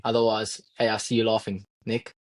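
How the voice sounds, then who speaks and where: A man's voice: fairly low pitch, flat delivery, brisk. A young man co-hosting a podcast, talking casually and earnestly, reflecting and speaking straight to listeners. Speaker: podcast co-host. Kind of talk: casual chat.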